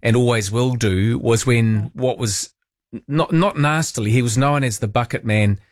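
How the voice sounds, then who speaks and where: A man's voice: mid-range voice, moderate pace, dry recording, clean studio sound. A man hosting talkback radio, playful and chatty. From New Zealand. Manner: playful, animated, jokey asides. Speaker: radio show host. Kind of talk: casual talkback radio chat.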